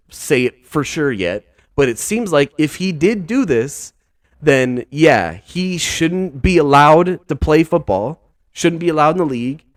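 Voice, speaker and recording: A man's voice: a little high, dry recording, clean studio sound. A young man hosting a casual podcast, talking loosely with lots of fillers, calling listeners dude and bro. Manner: loose and slangy, heavy use of filler words and 'dude', 'bro'. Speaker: podcast host.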